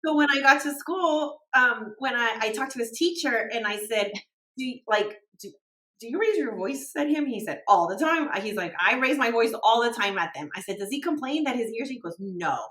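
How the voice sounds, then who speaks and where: A woman's voice: a little high, expressive, moderate pace, bright, forceful tone, echoey room, distant mic. A woman co-hosting a podcast, telling stories in a casual chat and quoting people, with many fillers. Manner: chatty storyteller, many fillers and quoted dialogue. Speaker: podcast co-host.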